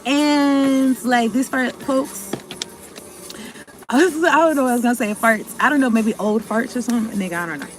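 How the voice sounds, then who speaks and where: High-pitched woman giving a rambling tarot reading. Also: moderate pace, over music. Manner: rambling, self-interrupting, slangy and swearing. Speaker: tarot card reader. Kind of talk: casual tarot reading to viewers.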